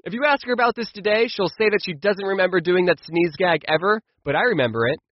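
Guy with a high bouncy voice doing funny storytime, kinda dull dry recording. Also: fast talker. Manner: animated, playful, jumps into quoted voices. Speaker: storytime YouTuber. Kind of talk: comedic storytelling.

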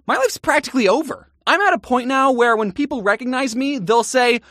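A man in his twenties narrating comedic scripted stories, with deadpan jokes. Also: very high-pitched, brisk, hardly any pauses, no room sound, studio quality. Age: 20s. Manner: deadpan jokes, animated ups and downs. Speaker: animated storytelling YouTuber.

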